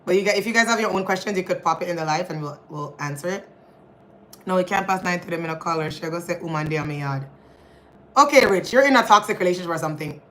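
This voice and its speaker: A woman's voice: lowish voice, lively intonation, quick pace, a bit bright, slight background noise, rough recording. A young woman hosting a casual livestream, chatting with viewers and reading their comments, laughing often and calling her audience y'all. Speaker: livestream host.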